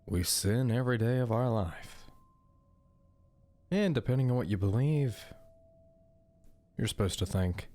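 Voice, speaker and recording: A man casually commenting on a visual novel playthrough, with relaxed, wry asides. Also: medium pitch, unhurried, pauses often. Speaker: gameplay commentator.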